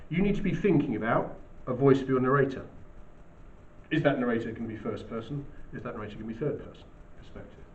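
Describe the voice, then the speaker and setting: A male teacher giving an English lesson in a measured, explanatory way. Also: medium pitch, darkish tone, a little hiss or hum. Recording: roomy, distant, dull recording.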